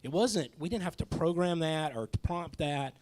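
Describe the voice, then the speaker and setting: A man's voice: fairly high pitch, normal speed, a little mellow. A man who teaches a church Bible class, leading the discussion in a casual, friendly way with stumbling restarts.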